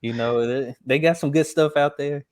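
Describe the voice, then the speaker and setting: A man's voice: on the high side, moderate pace, a little mellow. A young man from Texas with an American accent, hosting a casual interview with enthusiastic, rambling praise. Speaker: podcast host.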